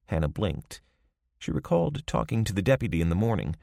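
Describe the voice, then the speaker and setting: A man narrating a crime novel audiobook in a measured, scripted style. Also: fairly low pitch, very animated, gravelly, dark tone, dry recording, studio quality.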